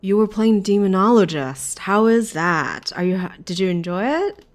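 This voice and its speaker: A woman's voice: medium pitch, expressive, normal speed. A woman game streamer reading a game aloud and chatting casually with viewers, often correcting herself. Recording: clear background music.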